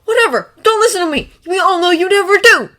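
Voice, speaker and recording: A woman voicing a hot-tempered teenage boy wizard, sarcastic and often yelling. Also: lively intonation, normal speed. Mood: angry. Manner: yelling, sarcastic, high and strained.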